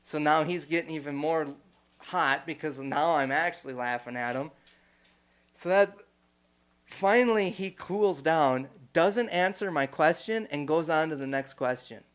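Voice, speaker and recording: Animated swearing man telling a story. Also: fairly high pitch, unhurried, clear, resonant tone. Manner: animated, swears freely, acts out quotes loudly. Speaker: podcast co-host. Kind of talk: casual storytelling chat.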